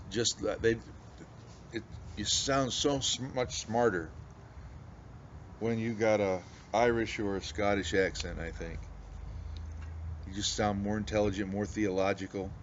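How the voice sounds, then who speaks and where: Folksy rambling American pastor, lowish voice. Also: male voice. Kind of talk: casual pipe-smoking video chat. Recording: slightly dull audio with faint background noise.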